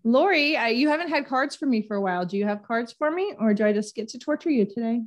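A woman's voice: on the high side, animated, fast. Playful woman hosting a quiz. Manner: playful, teasing, reads out game questions. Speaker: co-host running a quiz game. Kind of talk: casual chat.

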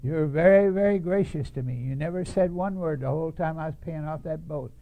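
A man's voice: on the high side, a little fast, gravelly, dark tone. An older man telling his life story to an audience in a blunt, folksy way, chuckling at his own punchlines.

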